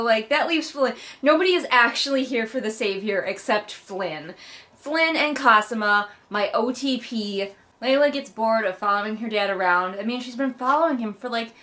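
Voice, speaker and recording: A woman's voice: a little high, a bit bright. A woman giving a casual, comedic book recap, sarcastic and mocking, swearing casually. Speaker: book reviewer.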